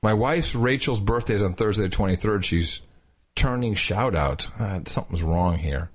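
A man co-hosting a podcast in casual chat, reading listener notes and birthday shout-outs, loose and joking and stumbling over names. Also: lowish voice, expressive, moderate pace. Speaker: podcast co-host.

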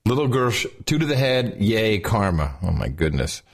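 A man co-hosting a podcast in casual chat, playful with quick quips. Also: lowish voice, sing-song, over loud music. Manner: playful, quick quips, plays sound effects. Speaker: podcast co-host.

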